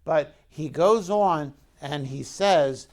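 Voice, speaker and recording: A pastor delivers a conversational sermon in a slow, unhurried way. His voice sits a little high and has a gravelly edge. He tells the story and keeps asking the congregation questions.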